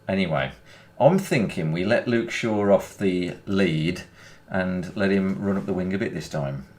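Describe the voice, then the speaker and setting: Unhurried and a little mellow, this low-voiced Birmingham man from England rambles casually while playing a video game for his YouTube channel, chuckling frequently.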